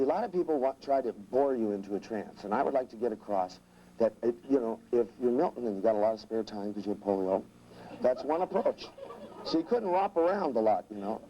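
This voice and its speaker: Mellow-voiced man joking through a seminar. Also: mid-range voice, expressive, brisk, muffled recording, a little hiss or hum. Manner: joking, irreverent asides; rambling, restarts mid-sentence. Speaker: seminar trainer. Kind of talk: live seminar lecture.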